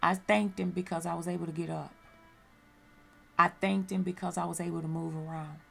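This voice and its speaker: A woman's voice: fairly low pitch, fairly even intonation, brisk, creaky, a bit bright, faint music behind. A woman sharing a personal religious testimony, speaking earnestly and candidly and repeating phrases for emphasis.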